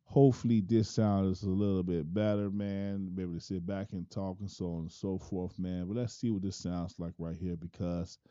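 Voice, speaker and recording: Deep voiced guy doing a chill mic test, dry kinda dull sound. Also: steady tone, moderate pace, few pauses, dark tone, smooth, dry recording. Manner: laid-back, thinking aloud, often tags lines with "man". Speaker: person testing his microphone setup. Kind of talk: casual mic-check talk.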